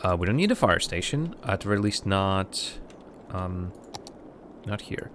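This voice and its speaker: A man from Latvia, a native Russian speaker, streams live gameplay and thinks out loud. His voice sits somewhat low but swoops around animatedly as he rambles, restarts and talks to viewers. A faint hum of noise lies underneath. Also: big pitch swings, unhurried. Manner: chats to viewers between game remarks. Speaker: livestreamer.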